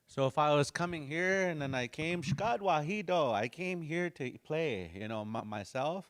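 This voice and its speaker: A man teaching a language class in a relaxed way, repeating phrases slowly and making jokey asides. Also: mid-range voice. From Dakota community.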